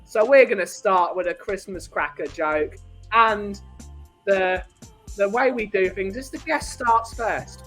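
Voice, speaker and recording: A man's voice: sits high, measured pace, fairly bright tone, faint music behind. A man hosting a casual podcast in a playful, jokey way. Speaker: host.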